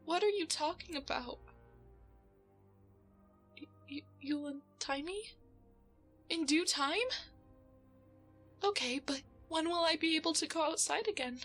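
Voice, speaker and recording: A woman's voice: high voice, a little slow, pauses often, a bit bright, soft background music. A woman playing a frightened young woman held captive in an audio drama, talking in whispery, breathless bursts and stammering when scared. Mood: pleading, placating. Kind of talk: audio drama role-play.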